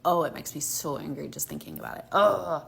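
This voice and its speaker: A woman's voice: sits low, lively intonation, quick pace, gravelly. A woman from Alabama, telling a story about her kids in a heated, emphatic way, with lots of "like". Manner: heated, emphatic, heavy use of "like". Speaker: mother. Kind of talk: casual storytime.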